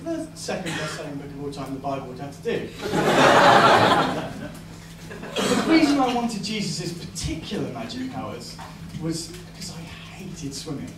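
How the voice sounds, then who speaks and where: A young man performing a stand-up comedy set, hesitant and deadpan, with lots of uhs and ums. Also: on the high side, measured pace, heavy background noise. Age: young adult. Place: comedy club stage. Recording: echoey live venue, distant mic, loud crowd laughter. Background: audience laughter.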